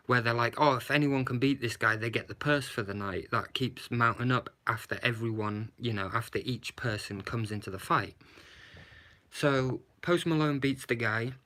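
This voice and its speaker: A man's voice: mid-range voice, sharp tone. A man giving a blunt, sarcastic movie review, swearing and adding "yeah?" to his points. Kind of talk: casual movie review rant.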